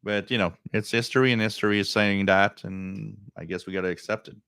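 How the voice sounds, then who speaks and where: Deep low man, middle-aged, casual live-stream host, rambling, dry close sound. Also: fairly even intonation, fairly quick, fairly bright tone, smooth, no echo. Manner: rambling, repeats words, laughs easily. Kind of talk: casual live-stream chat reading viewer comments.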